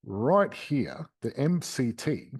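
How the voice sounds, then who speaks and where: A man's voice: mid-range voice, very animated, slow pace, darkish tone, slightly rough. A man hosting a property podcast, explaining investing step by step in a chatty, casual way. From Australia.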